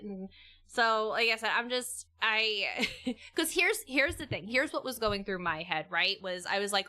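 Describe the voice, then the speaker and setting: A woman's voice: medium pitch, measured pace, sharp tone, clear, resonant tone. A young adult woman telling a story in casual chat, rambling with many restarts and laughs. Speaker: vlogger.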